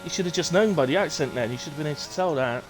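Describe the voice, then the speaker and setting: A young man with a West Country English accent, commentating a sim race on a live stream and chatting with viewers, in a relaxed way full of fillers and self-corrections. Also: on the high side, racing, over music. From England.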